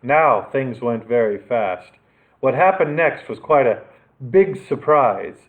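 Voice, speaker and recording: A male librarian's storytime read-aloud of a children's adventure story is dramatic and expressive, delivered slowly at medium pitch. The audio has a tinny, phone-like quality.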